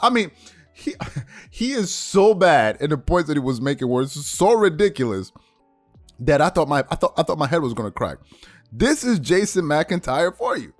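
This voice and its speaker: A man's voice: on the high side, normal speed, soft background music. A man hosting a sports show, reacting to a clip with an incredulous, laughing rant. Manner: animated, incredulous, ranting with laughs. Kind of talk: casual sports commentary.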